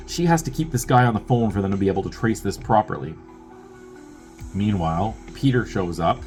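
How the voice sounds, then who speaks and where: A man's voice: medium pitch, darkish tone. A young man casually recapping a film plot as a review host, rambling and profane, with wry asides and lots of filler words. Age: young adult.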